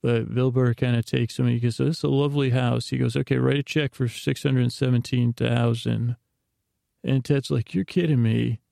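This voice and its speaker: A man's voice: medium pitch, little pitch movement, normal speed, creaky, mellow, dry recording, studio quality. A man hosting a sleep podcast, retelling a TV episode in a meandering bedtime ramble full of restarts and asides. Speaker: podcast host.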